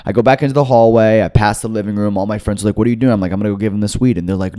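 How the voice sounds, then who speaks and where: A young man co-hosting a comedy podcast, telling a story in a casual, animated way and acting out the voices of the people in it. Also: fairly low pitch, rapid-fire, hardly any pauses. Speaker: podcast co-host.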